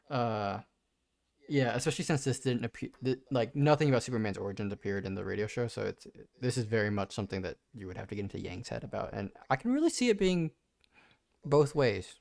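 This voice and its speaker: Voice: medium pitch, a little fast, creaky, no room sound. A podcast co-host chatting casually about comics, thinking aloud with frequent restarts. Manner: thoughtful, restarts, animated when retelling. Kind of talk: casual comic book discussion.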